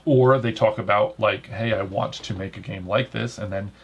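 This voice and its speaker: A man's voice: fairly low pitch, fairly even intonation, moderate pace, gravelly, breathy edge, lo-fi sound. A man hosting a podcast in casual chat, rambling with lots of fillers and restarts. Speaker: podcast host.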